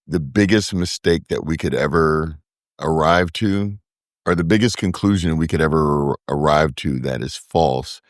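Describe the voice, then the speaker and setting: A man talking as a brewery co-founder guest in a casual podcast chat, earnest and reflective, building his points in halting phrases. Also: extremely low pitch, no echo, clean studio sound.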